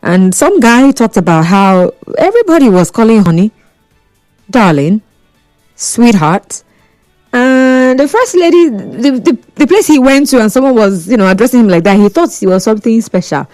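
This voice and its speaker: A Nigerian woman hosts a phone-in radio show with a lightly raised pitch. She talks in a chatty, teasing way and laughs easily. The studio sound is dry, with a faint music bed under her. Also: big pitch swings, normal speed, darkish tone, dry recording.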